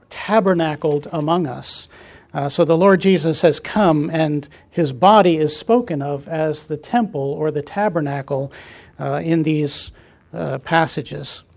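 A man leading a Bible study, reading scripture aloud and explaining it with frequent pauses and fillers. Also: a little high, darkish tone.

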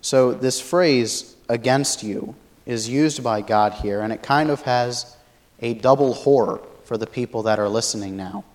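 A man giving a Bible study lecture, explaining a passage thoughtfully and pausing often to search for words. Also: mid-range voice. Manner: thoughtful, many fillers and restarts, explanatory. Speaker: Bible teacher.

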